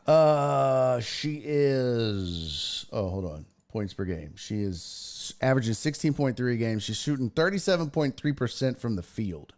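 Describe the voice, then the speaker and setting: Man, sports talk host, casual livestream, cursing, bouncy expressive voice, mid pitch. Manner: profane, reads chat comments aloud and answers them.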